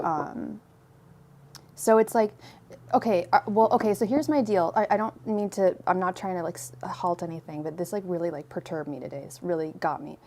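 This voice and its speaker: A woman's voice: on the low side, darkish tone, a little hiss or hum. A young woman from Ireland hosting a tarot livestream, chatting casually and rambling as she greets viewers by name. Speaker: tarot reader and livestream host.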